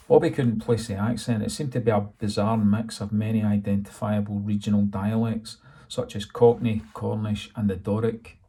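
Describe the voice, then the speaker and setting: Audiobook narrator: man, husky, flat, dry and steady. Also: fairly low pitch, normal speed. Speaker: author reading his novel.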